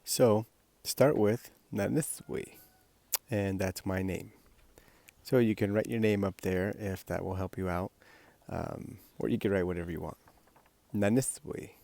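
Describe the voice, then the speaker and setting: Guy with a really low voice going through a lesson slow and patient, step by step. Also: fairly even intonation, vocal fry, mellow, dry recording. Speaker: language teacher. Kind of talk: instructional explanation.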